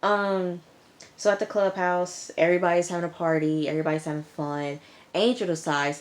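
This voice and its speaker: A woman's voice: low voice, fairly quick. A young woman casually recapping a TV episode, sassy and talking back to the characters. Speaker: TV episode reviewer.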